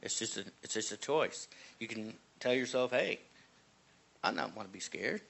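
A man's voice: lowish voice, lively intonation, moderate pace, vocal fry, fairly bright tone, slightly rough. Hesitant man speaking up in church. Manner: hesitant, full of fillers. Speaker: congregation member. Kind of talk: casual comment in group discussion.

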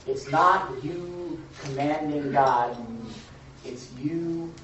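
A man's voice: on the high side, extremely slow, a bit bright. A man teaching scripture in a conversational, storytelling way, often asking his listeners if they follow. He sounds distant from the mic, and his voice rings around a very echoey room. The recording is dull, with faint noise underneath. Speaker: preacher, Bible teacher. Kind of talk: informal sermon, storytelling.

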